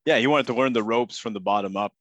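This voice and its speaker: A man hosting a podcast in casual conversation, easygoing and quick with agreeing backchannels. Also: mid-range voice, a bit bright, dry recording, dull audio. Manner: easygoing, affirming with short backchannels. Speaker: podcast host.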